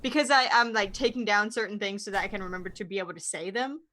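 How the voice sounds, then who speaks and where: A woman's voice: mid-range voice, fast talker, pushed and bright. A woman who plays in a tabletop campaign, chatting on a podcast in a brash, joking way and swearing freely. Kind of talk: casual podcast chat.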